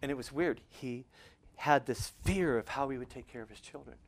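A man preaching to a congregation, shifting between quiet, intimate stretches and loud, fervent passages, closing in prayer. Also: medium pitch, moderate pace. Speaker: pastor. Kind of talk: sermon.

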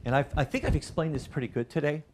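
A middle-aged man delivers a sermon from the pulpit. His voice climbs and grows loud whenever he runs through a list or acts out a quote, then drops back to a quiet, conversational tone. There is a faint hiss of noise under the recording. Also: on the high side, fast. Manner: animated preaching, rising loud on lists and quotes. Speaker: pastor.

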